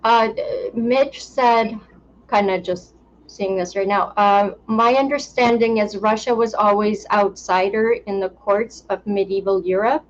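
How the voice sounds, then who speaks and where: A woman's voice: mid-range voice, fairly even intonation, measured pace. A woman co-hosting a casual podcast, chatting and reading out listener questions. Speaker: podcast co-host. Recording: dull lo-fi sound with faint noise.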